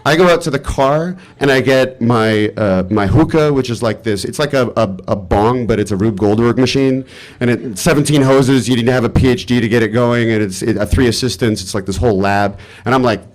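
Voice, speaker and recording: A man telling a personal story live on stage, animated and exasperated, swearing freely. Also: medium pitch, brisk.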